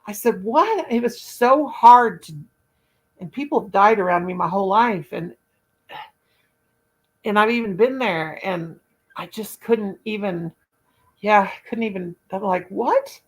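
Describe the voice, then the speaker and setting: A woman's voice: medium pitch, unhurried, pauses often, poor audio. A woman hosting her own channel, telling a long personal story in a rambling, folksy, casual way. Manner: rambling, folksy, talks in long run-on anecdotes. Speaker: crochet channel host.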